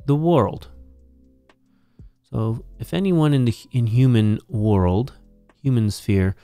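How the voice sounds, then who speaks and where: A man teaching New Testament Greek, slowly and methodically walking through a verse as a Bible teacher. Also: medium pitch, mellow, smooth, no echo, soft background music. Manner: slow, methodical explaining. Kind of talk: Greek grammar lesson.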